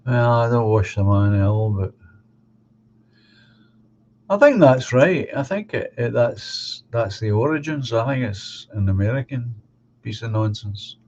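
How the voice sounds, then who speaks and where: A man hosting a live stream, chatting casually and giving opinions, halting and restarting as he talks. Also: mid-range voice, lively intonation, a little mellow. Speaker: live stream host reading viewer comments. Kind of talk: casual chat. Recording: dull lo-fi sound with faint hum.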